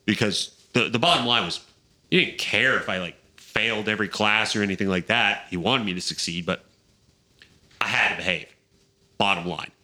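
A man's voice: fairly low pitch, normal speed. A man co-hosting a podcast, telling a story in casual chat and acting out the quotes with energy. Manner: animated storyteller, acts out quotes. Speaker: podcast co-host.

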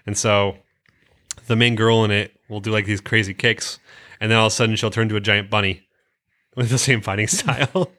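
A man's voice: fairly low pitch, steady tone, fairly quick, pushed and bright. A man co-hosting a casual podcast, rambling and often correcting himself as he talks. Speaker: podcast co-host. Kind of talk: casual chat.

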